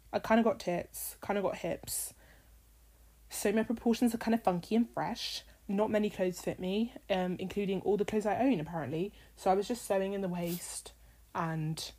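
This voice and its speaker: A woman's voice: on the low side, mellow. A young British woman in her twenties hosting a casual solo podcast, rambling and swearing freely, a little tired with a drying voice. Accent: British English. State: tired, voice getting dry. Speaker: podcast host.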